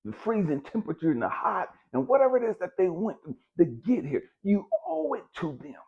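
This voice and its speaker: A man's voice: high voice, sing-song, brisk, darkish tone. A middle-aged man giving a blunt, profane motivational exhortation, hammering his points with repetition. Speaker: motivational speaker. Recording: dull lo-fi recording.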